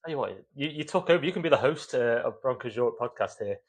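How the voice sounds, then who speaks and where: A man's voice: medium pitch, lively intonation, quick pace. A man hosting a football podcast over a video call, upbeat and easygoing. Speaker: podcast host. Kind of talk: casual sports chat.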